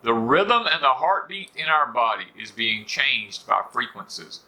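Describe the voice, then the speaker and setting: Very animated yet measured in pace, a middle-aged homestead host with a Southern US accent talks in a medium-pitched voice with a bright, forceful tone. He rambles folksily for viewers on his porch at home, relying on "you know."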